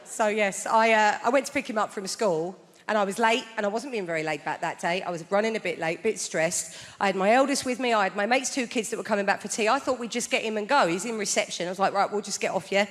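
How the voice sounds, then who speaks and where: A woman's voice: mid-range voice, quick pace, hardly any pauses. A woman performing a stand-up comedy set on a large theatre stage, telling wry stories about family life. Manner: wry, conversational storytelling with acted-out quotes. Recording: theatre stage mic with long hall reverb and audience noise.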